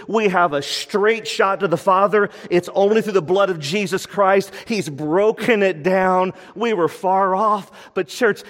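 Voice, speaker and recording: A man preaching with fervor, his pitch sitting a little high and leaping up on the key words before dropping to a hush. The sound rings with a long reverb, as in a large hall. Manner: fervent preaching with big pitch swings. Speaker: pastor. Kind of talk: sermon.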